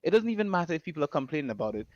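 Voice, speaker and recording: A man's voice: fairly high pitch, very animated, rapid-fire, a little mellow, no echo. A man hosting a casual gaming podcast, arguing his point with rhetorical questions. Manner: argumentative, explains with rhetorical questions. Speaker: podcast host. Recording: dull lo-fi mic.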